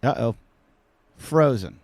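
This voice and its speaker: A man hosting a podcast over a remote call, talking in an animated, rambling, self-mocking way with lots of jokes. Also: mid-range voice, takes it slowly, no echo. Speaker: podcast host. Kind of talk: casual joking chat.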